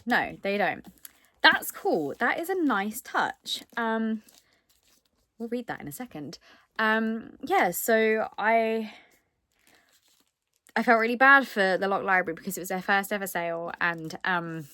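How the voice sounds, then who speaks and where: A woman chatting excitedly through a book unboxing, with lots of ums and asides. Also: medium pitch, measured pace, pauses often, no room sound. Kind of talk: casual unboxing chat.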